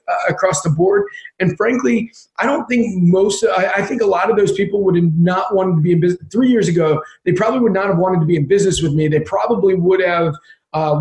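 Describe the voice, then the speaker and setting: A man talking as an interview guest in casual chat, energetic and often repeating words as he thinks. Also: high voice, reverberant.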